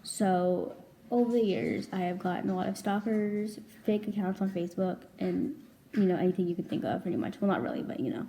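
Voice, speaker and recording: Young woman, casual storytime vlog, rambling, lots of "like", soft mellow tone. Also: medium pitch, fairly quick, slight background noise. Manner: chatty, rambling, heavy filler "like", swears freely. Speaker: vlogger.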